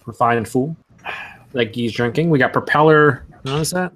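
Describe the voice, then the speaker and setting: A man's voice: mid-range voice, moderate pace, fairly bright tone, a little hiss or hum. A man hosting a casual beer review chat on a video call, joking and teasing with profanity. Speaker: beer review show host. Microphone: video call mic.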